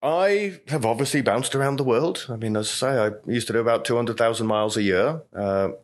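A man's voice: medium pitch, a little fast. A middle-aged man, a veteran bartender telling stories in an interview, with a chatty, anecdotal manner full of "you know". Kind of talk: storytelling interview talk.

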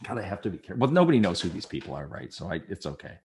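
Middle-aged man, low voice with wide swings; candid storyteller who plays the other people. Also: sing-song, rapid-fire, a little mellow, slight background noise. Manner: candid and self-deprecating, with laughs. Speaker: storyteller guest. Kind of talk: personal anecdote told to a listener.

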